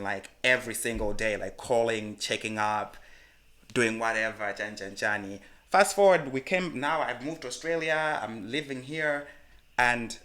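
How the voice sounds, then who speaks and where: Bright-voiced man telling stories. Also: medium pitch. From Malawi. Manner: animated, frank storyteller who swears freely. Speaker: podcast co-host. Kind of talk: casual storytelling chat.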